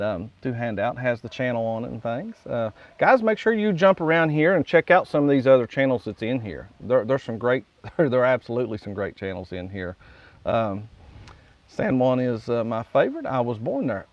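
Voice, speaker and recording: A man's voice: medium pitch, lively intonation, moderate pace, no room sound. Live-stream host, man, West Virginian accent, folksy rambling chat, dry slightly muffled audio. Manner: rambling and folksy, reads viewer comments aloud and chuckles often.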